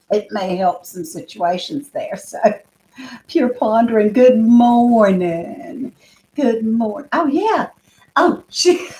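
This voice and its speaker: A woman hosting a casual homestead livestream, chatting and greeting viewers by name. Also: a little high. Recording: echoey room.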